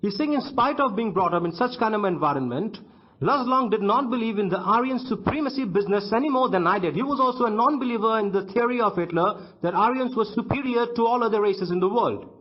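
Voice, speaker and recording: Male literature teacher with an Indian English accent. Reads a line aloud, then explains it, with frequent restarts. High, husky voice on a dull, lo-fi recording. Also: lively intonation. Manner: reads a line of the text, then repeats it in simpler words; halting, repeats words and restarts sentences. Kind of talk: classroom literature lesson, reading aloud and explaining.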